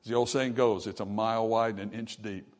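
A man preaching a sermon, his voice swelling loud and dropping soft, with scripture read aloud in old-style wording. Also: fairly low pitch, steady tone, a little fast. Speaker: pastor.

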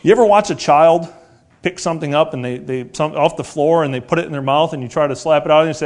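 An animated man in his forties, his voice on the high side, preaches with earnest repetition. He leans on rhetorical questions and drops his pace to stress key words.

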